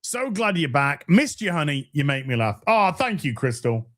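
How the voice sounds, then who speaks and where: A man hosting a casual live stream, reading super chats and answering with profane, animated banter. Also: fairly high pitch, moderate pace, a little hiss or hum. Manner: animated, profane, warm toward chat.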